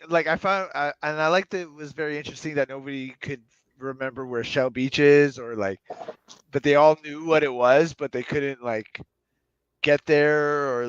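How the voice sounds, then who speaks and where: A man's voice: medium pitch, smooth, dry recording. Hesitant easygoing man, dry lo-fi sound. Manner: hesitant, easygoing, laughs often. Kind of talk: casual chat.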